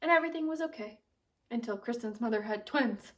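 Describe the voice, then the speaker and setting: A young woman teacher reading a silly picture book aloud to children, with animated, expressive storytelling. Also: a little high, brisk, distant mic.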